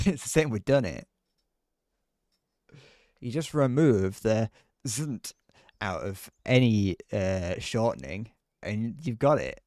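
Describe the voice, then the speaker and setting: A man's voice: lowish voice, expressive, slow, a little mellow, dry recording, clean studio sound. A young British man chatting casually on a live gaming stream, rambling with frequent restarts and laughs.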